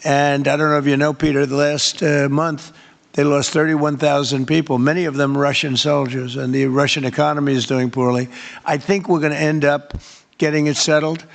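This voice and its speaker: A man's voice: on the high side, flat delivery, normal speed, creaky. An older man in a press Q&A answering reporters in a rambling, repetitive and emphatic way. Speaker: head of state answering press questions.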